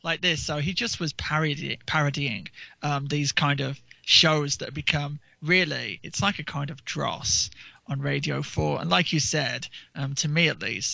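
A man's voice: on the high side, creaky, sharp tone, no echo. A man co-hosting a casual talk show, rambling and mocking, sometimes mimicking people's voices. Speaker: podcast co-host. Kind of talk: casual chat. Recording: dull lo-fi dry sound.

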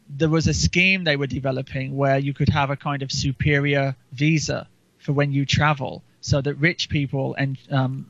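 Gravelly man chatting on a podcast. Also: medium pitch, no echo. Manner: rambling, with frequent ums and restarts. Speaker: podcast co-host. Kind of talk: casual political chat. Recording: dull lo-fi recording.

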